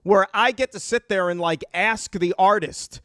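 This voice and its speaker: A man co-hosting sports talk radio, excitable, laughing often and riffing on a joke at length. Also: high voice, normal speed, no room sound, studio quality. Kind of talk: casual sports radio banter.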